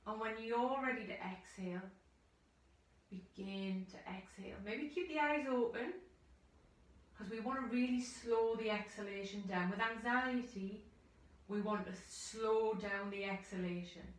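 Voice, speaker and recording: A woman yoga teacher from the United Kingdom, guiding a class through slow, soothing breathing cues and audible sighing breaths. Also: medium pitch. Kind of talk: guided yoga instruction. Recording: echoey room, voice from far off the mic.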